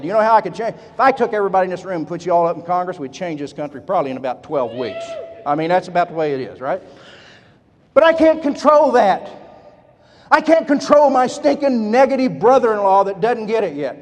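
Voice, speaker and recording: High-voiced man revving up a hall. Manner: energetic, folksy storytelling with audience call-and-response. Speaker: motivational speaker. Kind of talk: motivational stage speech. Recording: long hall reverb.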